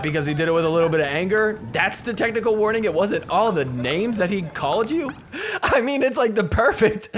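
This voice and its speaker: A high-voiced man hosts a podcast, casually recapping sports matches while swearing freely and mocking the players with quick put-on voices.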